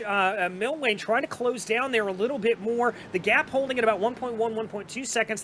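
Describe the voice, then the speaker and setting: A man with a slight Southern US accent giving fast, energetic play-by-play commentary on a sim race. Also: very high-pitched, a little hiss or hum.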